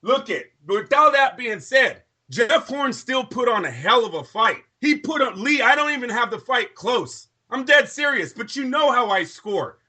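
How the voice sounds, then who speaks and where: A man's voice: extremely high pitch, expressive, moderate pace, hardly any pauses, sharp tone. A man co-hosting a boxing podcast, ranting in a heated debate, profane and insistent.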